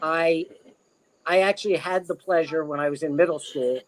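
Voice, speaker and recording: A man's voice: on the high side, steady tone, normal speed, slight background noise, low-quality recording. A middle-aged man from Maryland, a podcast guest telling stories in a rambling, casual way. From Maryland, USA. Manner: rambling, with many fillers and restarts. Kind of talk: casual storytelling chat.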